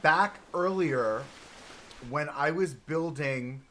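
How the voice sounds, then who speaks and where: Man streaming a building game, bright voice, chatty, laughs a lot, faint hiss behind. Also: a little high, takes it slowly. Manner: chatty, laughs often, explains while building. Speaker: streamer building a theme park. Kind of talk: casual live-stream chat.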